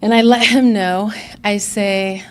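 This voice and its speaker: A woman's voice: mid-range voice, steady tone, slow pace. A woman in her forties giving an earnest, candid personal testimony as a speaker at a recovery conference.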